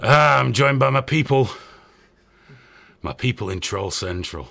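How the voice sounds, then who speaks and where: A man's voice: medium pitch, animated, measured pace, vocal fry, sharp tone. A man hosting a live stream in casual, joking chat, swearing freely and out of breath from running around. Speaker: host.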